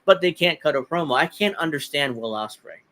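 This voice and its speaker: A man's voice: on the high side, animated, fairly quick, pushed and bright. A man hosting a casual wrestling podcast, opinionated and rambling, chuckling often as he talks. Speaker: podcast host.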